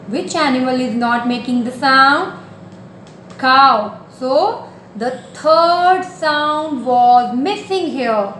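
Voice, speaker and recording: Slow, high-voiced nursery teacher. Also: female voice, animated, a bit bright, slight background noise. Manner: patient, coaxing, repeats simple instructions. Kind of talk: slow, sing-song teaching to small children. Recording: echoey room.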